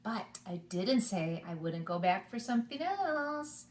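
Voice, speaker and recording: A woman's voice: medium pitch, big pitch swings, measured pace, roomy sound. A woman voicing a bold, clever young boy in a storybook reading. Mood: cheeky.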